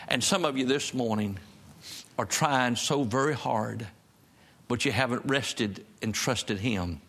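A man's voice: medium pitch, slow pace, fairly bright tone. A man preaching a sermon in a church service, emphatic and repeating his key phrases. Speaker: pastor.

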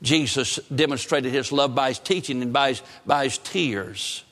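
A man's voice: medium pitch, moderate pace, a bit bright. A man preaching a sermon from the pulpit in an earnest, emphatic cadence with repeated phrases. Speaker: pastor. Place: church sanctuary. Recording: long church reverb.

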